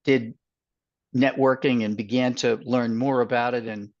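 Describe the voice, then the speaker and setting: An older man with a Boston accent, speaking as a guest consultant on a webinar over a video call, with many fillers and pauses. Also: mid-range voice, steady tone. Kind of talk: webinar interview. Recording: dull lo-fi audio.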